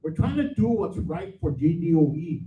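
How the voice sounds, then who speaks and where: During public comment at a board meeting in a meeting hall, a male division manager speaks bluntly and with evident frustration. His voice sits fairly high and has a sing-song lilt at a normal speed, with a faint hiss or hum. The recording is tinny and echoey, picked up far from the mic.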